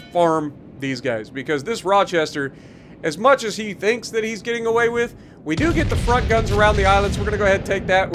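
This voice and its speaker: A tired man in casual gameplay commentary, explaining his moves and joking about his mistakes as he plays. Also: fairly high pitch. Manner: casual, self-deprecating, explanatory. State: tired, yawning. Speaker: gaming YouTuber.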